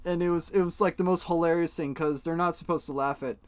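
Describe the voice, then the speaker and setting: A young man chats casually on a live stream, rambling and joking with plenty of swearing. His voice sits a little high for a man, and the sound is dry and close. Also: steady tone, quick pace, smooth, no echo. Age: young adult. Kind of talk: casual live-stream chat while coloring.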